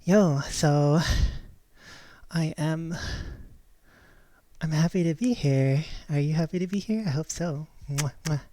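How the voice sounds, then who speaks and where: A woman's voice: low-pitched, slow pace, mellow, dry recording. A woman chatting casually on her live stream, rambling and giggling, often restarting her sentences.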